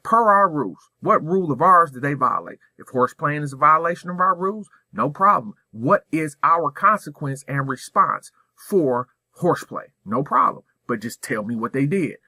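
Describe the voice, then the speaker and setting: A man's voice: fairly high pitch, big pitch swings, normal speed, hardly any pauses, bright, forceful tone, no room sound. A man speaking as a school administrator, giving a direct, emphatic professional development talk full of rhetorical questions.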